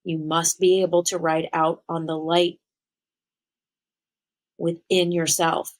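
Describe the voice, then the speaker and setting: A spiritual medium telling an earnest personal story and talking straight to her listeners, slowing down on the words that matter. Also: fairly low pitch, little pitch movement, poor audio. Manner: earnest, addresses listeners directly.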